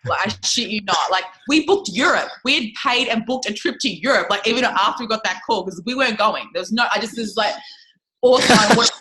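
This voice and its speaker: Chatty woman guest, bright voice, says like a lot, swears easy. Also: mid-range voice, expressive, fast talker, hardly any pauses, rough recording. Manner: chatty, swears freely, heavy use of "like". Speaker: interview guest, network marketing leader. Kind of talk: casual storytelling interview.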